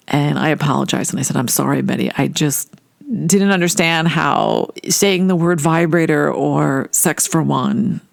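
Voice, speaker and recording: A woman casually telling a personal story, animated and acting out the voices of people she quotes. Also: deep voice, gravelly, no echo. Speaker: storyteller recounting a personal memory.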